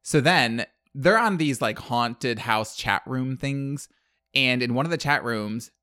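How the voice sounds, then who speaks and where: A man's voice: medium pitch, slow pace, sharp tone, no room sound, studio quality. A man telling a movie plot in casual chat, rambling with lots of fillers and acted-out quotes. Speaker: podcast co-host.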